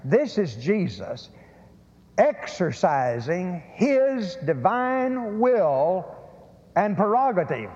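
A man's voice: high-pitched, sing-song, slow, a little mellow. A man preaching a sermon, emphatic and prone to repeating words and restarting phrases. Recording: lo-fi sermon recording in a reverberant hall.

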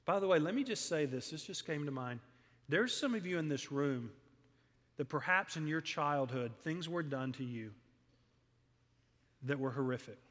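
A man's voice: on the high side, animated, normal speed, long pauses, fairly bright tone. A middle-aged man, preaching a sermon in a church, earnest and storytelling, his voice swelling on emphatic lists. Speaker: pastor. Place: church sanctuary. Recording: long hall reverb.

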